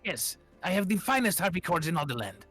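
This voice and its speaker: A showy male bard, as a player puts him on in a tabletop game, full of lofty flourish. The voice rings bright and forward, a little high. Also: big pitch swings, fairly quick, husky, soft background music, full character voice. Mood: grandiose. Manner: theatrical, grandiose. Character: flamboyant male air genasi bard.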